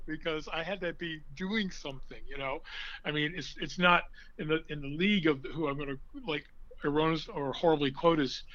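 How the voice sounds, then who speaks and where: A man, an actor, telling stories in an interview, animated, breaking now and then into loud put-on voices. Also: a little high, lo-fi sound. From from an Irish blue-collar family. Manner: animated storyteller, bursts into loud character voices. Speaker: actor guest. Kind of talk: conversational interview storytelling.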